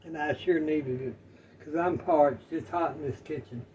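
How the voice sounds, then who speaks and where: A man's voice: fairly high pitch, normal speed, a little mellow, recorded from a distance, lo-fi sound, a little hiss or hum. An older man, chatting in a folksy, rambling way while cooking in his home kitchen. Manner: folksy, rambling, talks to viewers as y'all. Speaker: cooking vlogger. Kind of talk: casual home cooking chat.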